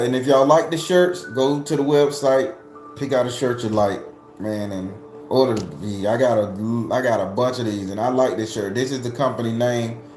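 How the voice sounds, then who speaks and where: A man talks casually to his viewers, loose and animated, swearing freely and laughing. His voice sits at a middling pitch but leaps up high when he gets heated. The room is echoey, with faint music underneath. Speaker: tarot reader and channel host.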